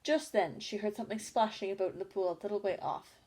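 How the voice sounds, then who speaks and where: A woman reading a storybook chapter aloud at an unhurried pace, with small slips and self-corrections. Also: medium pitch, dark tone, breathy edge. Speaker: audiobook reader.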